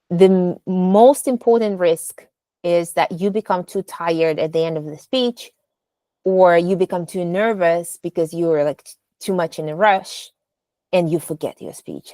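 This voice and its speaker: A woman's voice: on the low side, a little slow, mellow, no room sound. A woman coaching speech delivery, explaining patiently step by step and demonstrating rising and falling intonation on example phrases. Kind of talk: instructional lesson on delivery.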